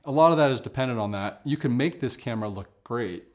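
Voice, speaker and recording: A man talking casually in a camera review vlog, relaxed and conversational, with lots of fillers and asides. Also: medium pitch, quick pace.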